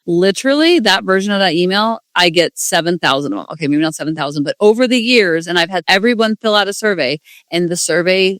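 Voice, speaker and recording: A woman's voice: on the low side, lively intonation, brisk, few pauses, a bit bright, no room sound. A woman hosting a parenting podcast, talking casually and earnestly, with self-deprecating asides. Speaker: podcast host, parenting coach. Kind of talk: casual solo podcast talk.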